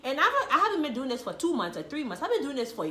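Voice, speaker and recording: A woman sharing a personal testimony in a casual faith conversation, animated, acting out what people said with sudden loud, high bursts. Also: very fast, reverberant. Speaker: guest sharing her testimony.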